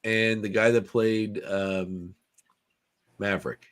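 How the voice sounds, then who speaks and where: A man's voice: lowish voice, level tone, slow pace. Chatty male podcast co-host. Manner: chatty, stumbling restarts, joking. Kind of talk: casual chat over video call. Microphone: video call.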